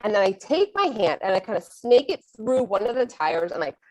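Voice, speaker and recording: Animated woman telling a funny story. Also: medium pitch, brisk, low-quality recording. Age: middle-aged. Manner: animated, self-mocking, acts out her own thoughts. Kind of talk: personal storytelling.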